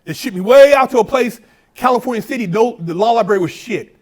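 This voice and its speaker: A high-voiced man, appearing as a podcast guest, talks fast in a casual conversation. He tells animated, swear-filled stories and jumps into other people's lines as he recounts them.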